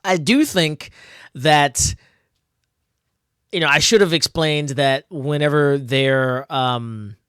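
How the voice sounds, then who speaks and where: A man's voice: on the high side, slow, pauses often, a bit bright, clean tone, no echo, clean studio sound. A man casually reading through his own old comic, laughing a lot and poking fun at himself with many fillers. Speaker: comic artist reviewing own old work.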